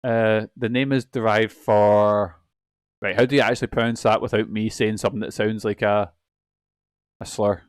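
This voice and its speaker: A man's voice: lowish voice, flat delivery, normal speed, clear, resonant tone, no room sound, clean studio sound. A young man streaming a video game, rambling and swearing often in casual, self-mocking chatter. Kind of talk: casual let's-play commentary.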